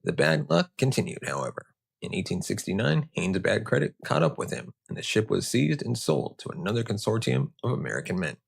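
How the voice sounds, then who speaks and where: A man's voice: on the low side, sing-song, brisk, gravelly, few pauses, husky. A man hosting a history show, narrating with joking, conversational asides. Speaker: host.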